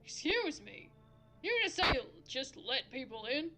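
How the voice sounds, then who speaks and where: A woman's voice: high voice, big pitch swings, unhurried, pushed and bright, faint music behind, exaggerated voice. Woman doing a prim, rule-bound visitor. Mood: prissy indignation. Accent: put-on accent. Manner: stiff, formal, indignant politeness. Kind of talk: game voice acting.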